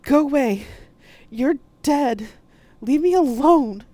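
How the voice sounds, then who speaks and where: A woman reading aloud, voicing a frightened young woman who shouts and pleads in panic. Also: high-pitched, very animated, normal speed, vocal fry, voice pushed up, heavily acted. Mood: panicked.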